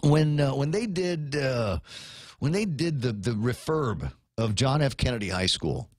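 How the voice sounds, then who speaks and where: Male radio host, lively rant, wide pitch swings, dry close studio mic. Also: unhurried, dry recording. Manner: animated, ranting, with many restarts. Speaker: radio talk show host. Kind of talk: casual talk radio rant.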